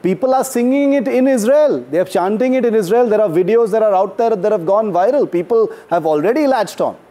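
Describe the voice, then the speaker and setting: A man hosting a talk-show interview, speaking in a measured way with frequent fillers. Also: high-pitched, expressive, warm tone. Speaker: host.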